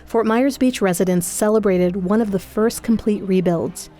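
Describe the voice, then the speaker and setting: A woman giving measured, scripted documentary narration. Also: medium pitch, faint music behind. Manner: measured, even delivery.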